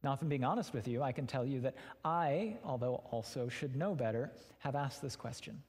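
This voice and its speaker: A man preaching a sermon at a mid-range pitch, his voice trailing into the long reverb of a large hall. He talks in a frank, conversational way, as if chatting with the congregation rather than lecturing. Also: a little fast, a little mellow. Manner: conversational, candid, addresses listeners directly. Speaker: pastor.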